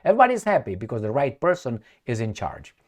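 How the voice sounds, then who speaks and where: A man's voice: medium pitch, huge pitch swings, fast talker. A man from Romania with a Romanian accent, giving sarcastic, scornful commentary while reading out news quotes. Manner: sarcastic and scornful, laughs at his own remarks. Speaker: political commentator.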